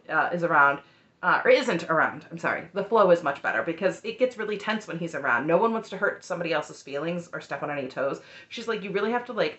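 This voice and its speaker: A woman's voice: on the low side, fairly bright tone, roomy sound, lo-fi sound. A woman giving an opinionated, sarcastic recap of a reality show in a chatty, heated way. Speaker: recap host.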